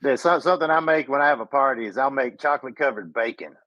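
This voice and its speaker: A man's voice: medium pitch, quick pace, pushed and bright, dry recording, highs cut off. A man from western Georgia, telling stories as a podcast co-host in casual chat. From western Georgia, USA.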